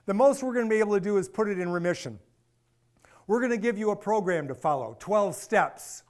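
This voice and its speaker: A man's voice: high voice, lively intonation, brisk. A man voicing a stern older male doctor who speaks bluntly and with authority. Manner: commanding, blunt, lecturing.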